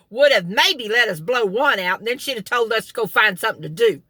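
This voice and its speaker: A woman's voice: a little high, lively intonation, a little fast, few pauses, sharp tone, breathy edge, dry recording. A middle-aged woman telling folksy family stories in a casual vlog, chuckling as she talks, sitting in a car. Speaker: vlogger. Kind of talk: casual storytelling.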